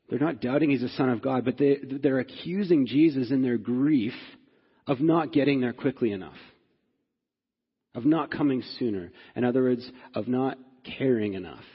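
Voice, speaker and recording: A man's voice: medium pitch, breathy edge, in a large hall, muffled recording. A man preaching a sermon as pastor, earnest, often asking "right?" of his listeners and rising in force when stirred. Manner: earnest, repeats "right?" to the congregation.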